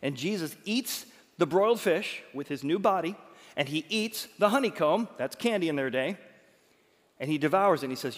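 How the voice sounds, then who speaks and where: A male pastor delivering a lively sermon, joking with the crowd in quick asides. His voice sits a little high for a man. A long reverb trails every phrase, as in a big hall.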